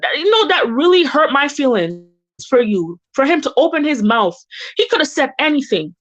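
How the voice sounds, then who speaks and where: A woman's voice: high-pitched, very animated, normal speed, fairly bright tone, no room sound. A woman from the Caribbean, a guest on a chat show, venting in a heated, indignant, emphatic way. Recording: dull lo-fi audio.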